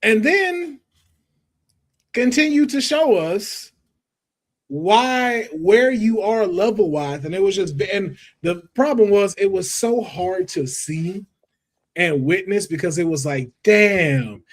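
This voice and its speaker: A man hosting a wrestling podcast, talking in an animated, emphatic, slangy way in casual chat. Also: high voice, takes it slowly. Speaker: podcast host.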